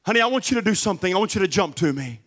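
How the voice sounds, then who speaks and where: A man voicing a gentle father softly coaxing his small daughter. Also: high voice, animated, rapid-fire, big-room sound. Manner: soft, coaxing.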